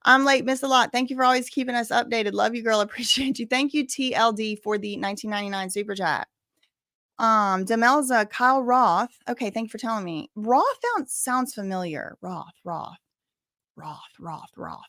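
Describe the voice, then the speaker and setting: A woman host chatting on a livestream, her voice pitched a bit high and caught close and dry on the microphone. She talks expressively, exclaims, scolds her viewers and repeats her words for emphasis. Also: moderate pace, fairly bright tone, no room sound. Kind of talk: casual livestream commentary, reading chat.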